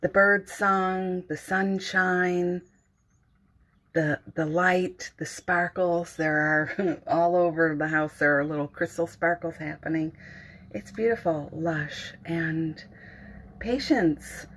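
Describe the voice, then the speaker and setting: A middle-aged woman hosting a casual morning livestream from home, gentle and giggly, greeting viewers and reading their comments aloud. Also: lowish voice, steady tone, slow pace.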